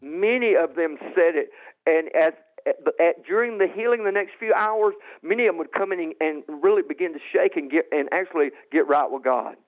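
A man with a slightly high voice recounts his testimony, stumbling and repeating words as he builds to bursts of high, loud excitement. The sound is thin and tinny, like a phone line. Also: a little fast. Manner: rises high and loud when reliving moments, repeats and restarts. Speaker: guest telling his testimony.

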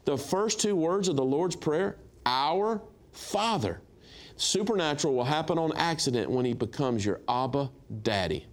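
A middle-aged man, a guest minister, telling lively stories on a talk show and acting out dialogue with laughs. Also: a little high, normal speed. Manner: animated storyteller, acts out dialogue, laughs. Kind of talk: storytelling testimony on a talk show.

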